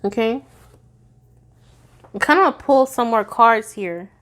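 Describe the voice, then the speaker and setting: A woman's voice: on the high side, lively intonation, slow pace, fairly bright tone. A woman giving a casual tarot reading to her viewers, chatty and goofy, laughing often and sounding tired. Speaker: tarot reader.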